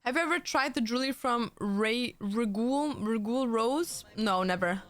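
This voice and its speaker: A woman's voice: a little high, a little slow, a bit bright. A woman livestreamer chatting casually and playfully, laughing and thanking viewers for donations. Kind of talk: casual live-stream chat.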